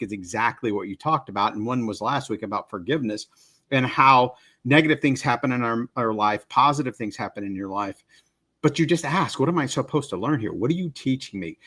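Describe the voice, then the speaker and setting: A man's voice: medium pitch, brisk, fairly bright tone, husky. Easygoing man hosting a podcast. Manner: easygoing and affirming, telling coaching anecdotes. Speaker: podcast host. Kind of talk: casual interview chat.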